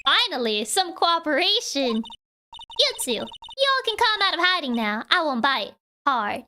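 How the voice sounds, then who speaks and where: A woman's voice: high voice, big pitch swings, pushed and bright, a little hiss or hum, full character voice. A woman voicing a brash, feisty Southern woman photographer in a put-on drawl, blunt and folksy, with game music behind. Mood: friendly. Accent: put-on American Southern drawl. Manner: blunt, folksy, quick to pick a fight.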